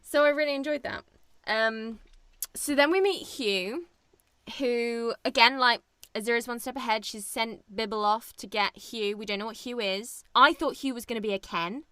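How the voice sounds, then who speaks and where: A woman co-hosting a podcast, chatting casually about a film, animated and laughing often. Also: a little high, moderate pace, clear, resonant tone, no room sound, clean studio sound. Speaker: podcast co-host. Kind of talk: casual film review chat.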